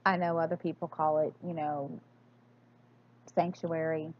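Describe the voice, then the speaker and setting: A woman's voice: deep voice, level tone, measured pace, dull audio. A woman chatting casually through an accent tag video, hesitant and full of fillers and restarts. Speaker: crafting vlogger.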